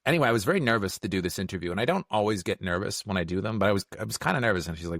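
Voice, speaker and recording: A middle-aged man chatting casually as a podcast guest, telling stories quickly and acting out the lines of the people in them. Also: fairly low pitch, animated, gravelly, a bit bright, dry recording, clean studio sound. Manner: fast storyteller, acts out quotes. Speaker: podcast guest, film critic. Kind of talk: casual chat.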